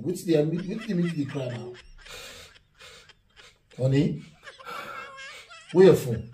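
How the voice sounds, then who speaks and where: A man's voice: on the high side, warm tone, echoey room, recorded from a distance. A Nigerian man in a casual home vlog, pleadingly asking his wife the same worried questions again and again. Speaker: husband in a prank video.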